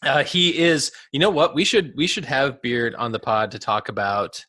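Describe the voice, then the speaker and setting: A man's voice: medium pitch, moderate pace, bright, forceful tone. A man in his thirties with a New Jersey accent hosting a podcast in casual chat, jokey and laughing often. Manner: jokey, laughs a lot, drops into goofy voices. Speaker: podcast host.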